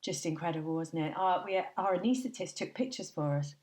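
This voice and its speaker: A woman guest on a podcast, telling lively anecdotes in a chatty way and laughing often. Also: on the low side, brisk, echoey room, slight background noise. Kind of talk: chatty storytelling.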